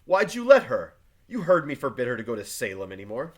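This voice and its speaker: Reading a play aloud for a class, a man gives earnest voice to John Proctor, a stubborn farmer and husband, in archaic phrasing. He speaks at medium pitch, a little fast, with huge swings in pitch.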